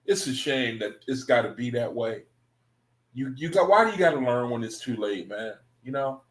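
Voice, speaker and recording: A man casually reading scripture aloud and commenting on it, relaxed and chatty, often chuckling and dropping in "man" and "you know.". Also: mid-range voice, moderate pace. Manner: laid-back, laughs often, says "man" and "you know". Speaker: religious study group reader. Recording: echoey room.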